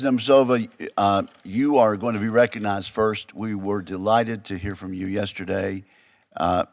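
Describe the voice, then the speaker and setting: A man chairing a hearing, introducing a witness in a halting, hesitant way. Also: sits low, no room sound, clean studio sound. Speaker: commission chairman. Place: hearing room.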